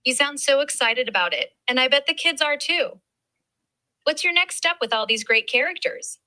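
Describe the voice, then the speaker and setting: A woman's voice: high-pitched, lively intonation, normal speed, pushed and bright, dry recording, poor audio. A woman's AI assistant voice giving chatty, encouraging replies that can turn snarky and teasing. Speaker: AI chat assistant. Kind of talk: conversational AI replies.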